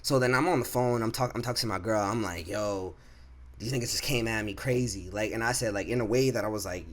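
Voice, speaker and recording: This twentysomething vlogger tells a casual storytime monologue in a lowish voice, talking fast. He swears freely, stays animated, relies on fillers and restarts, and acts out what people said.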